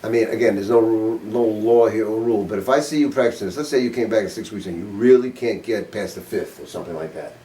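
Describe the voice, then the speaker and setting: A man's voice: on the low side, fast talker, few pauses, dark tone. Blunt older man teaching sax, roomy. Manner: blunt, informal, quizzes the class, swears casually. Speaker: saxophone teacher. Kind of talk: master class teaching. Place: music studio. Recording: roomy sound from a distant mic.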